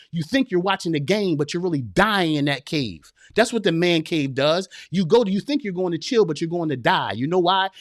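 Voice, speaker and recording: A man in his forties, a men's coach appearing as a podcast guest, delivers a fired-up motivational speech with a voice on the high side. He's preachy and emphatic, repeating phrases and dropping street slang. The recording is dry and studio quality.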